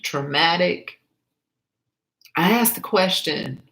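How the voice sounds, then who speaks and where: A woman reads her own story aloud, stopping often to comment and drive her points home. She speaks slowly in a bright, forceful voice, repeating herself for emphasis. The recording is roomy and echoey. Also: lowish voice, expressive. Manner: emphatic, repeats points, asks listener to see. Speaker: author reading her story. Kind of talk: story reading with life commentary.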